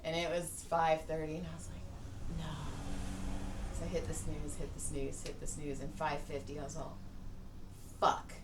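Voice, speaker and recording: A woman's voice: low voice, completely flat delivery, a little fast. A woman podcast host telling a rambling, profane story in casual chat. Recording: roomy, distant mic, faint hiss.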